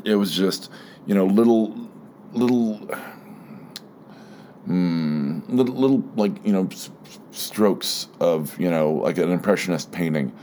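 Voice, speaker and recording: A man hosting his own podcast, talking alone in a halting, rambling way with many fillers and restarts, a slight frog in his throat. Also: low voice, warm tone, a little hiss or hum. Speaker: podcast host. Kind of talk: casual solo monologue.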